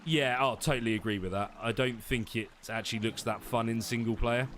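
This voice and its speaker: A man's voice: mid-range voice, a little fast, a little hiss or hum. A man live-streaming a zoo-building game, chatting casually with viewers and laughing often. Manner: relaxed and chatty, hedging with fillers and laughing often.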